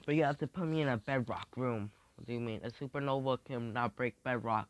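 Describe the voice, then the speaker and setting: A young man making up a fan story as he goes, rambling and halting, slipping into quick voices for the characters. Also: medium pitch. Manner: rambling, halting, with many restarts and fillers. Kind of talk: improvised fan-fiction storytelling.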